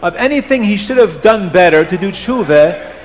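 A man voicing two awed young brothers in a spoken story, in a hushed, amazed way. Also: high-pitched, animated, normal speed, big-room sound, a little hiss or hum, rough recording.

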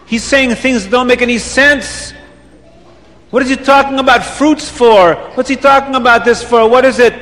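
A man's voice: very high voice, fairly even intonation, normal speed, a bit bright, pitched above the performer's own voice. A man voicing a fretful Jewish man who laments in exasperation. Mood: exasperated. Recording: long reverb.

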